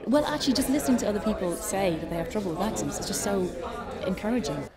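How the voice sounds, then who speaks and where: A woman's voice: medium pitch, animated, fast, a crowd in the background. A woman, a workshop participant, speaking eagerly about the workshop, her phrases tumbling over each other. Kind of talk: casual testimonial.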